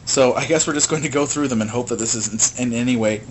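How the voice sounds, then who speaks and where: A man co-hosting a casual podcast, joking and laughing often, with halting fillers. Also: medium pitch, slight background noise. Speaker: podcast co-host. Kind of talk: casual chat.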